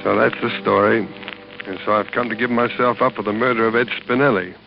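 An actor playing a grim, hardened American man with a terse, flat delivery, in 1940s radio acting style on a dull old broadcast. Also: on the low side, brisk, vocal fry, over music. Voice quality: terse, flat, hard-edged. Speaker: lead and narrator.

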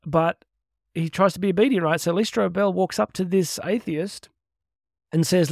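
A man's voice: sits high, moderate pace, vocal fry, darkish tone, no room sound, studio quality. A middle-aged man hosting a podcast, talking in an earnest, chatty way with laughs and asides. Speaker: podcast host and Catholic speaker. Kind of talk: casual heartfelt podcast monologue.

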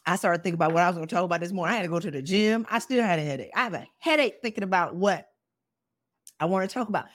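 A woman's voice: lowish voice, very fast. A woman in her forties hosting a motivational podcast, fiery and blunt, piling up pointed questions and talking straight to the listener in slangy, direct speech. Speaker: podcast host.

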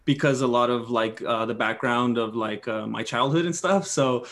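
A man guest in a casual podcast chat, talking with frequent fillers, pauses and laughs. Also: mid-range voice, a bit bright. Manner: hesitant, laughs often, many fillers.

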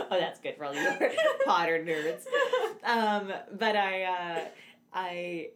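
A woman's voice: mid-range voice, wildly swooping pitch, drawn-out words, heavy background noise. A young woman from Canada co-hosting a casual podcast, chatting and laughing often mid-sentence. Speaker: podcast co-host.

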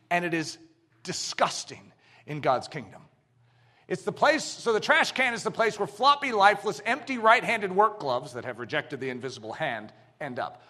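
High, animated male preacher. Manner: animated, emphatic, jumps between shouts and hushed lines. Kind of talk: sermon.

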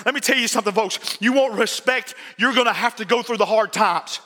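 A middle-aged man preaching a sermon, emphatic and repetitive, at times shouting his points. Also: high-pitched, fairly quick. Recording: long reverb of a large church hall.

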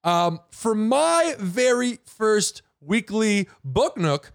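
A man's voice: high-pitched, sing-song, drawn-out words, creaky. A man co-hosting a comedy podcast, throwing in dry, wry quips. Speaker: podcast co-host. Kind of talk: casual comedic podcast banter.

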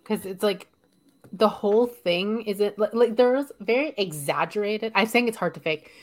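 A woman with a light Canadian accent co-hosting a podcast in casual chat, chatty and quick to laugh, often restarting her sentences. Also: mid-range voice. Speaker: podcast co-host.

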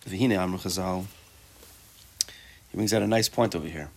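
A man's voice: low voice, vocal fry, bright, forceful tone. A man teaching a Torah class, talking casually, mixing Hebrew terms into his English and tossing out rhetorical questions and joking asides to his students.

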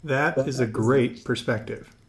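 Male host, conversational, encouraging, easy laughter, mid pitch. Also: a little slow. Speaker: podcast host. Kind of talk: casual interview chat.

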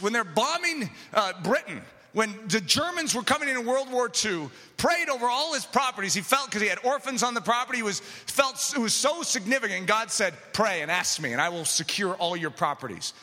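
Male preacher, high bright voice, animated delivery, big reverberant hall. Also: moderate pace. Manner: impassioned, builds to shouting. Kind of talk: sermon.

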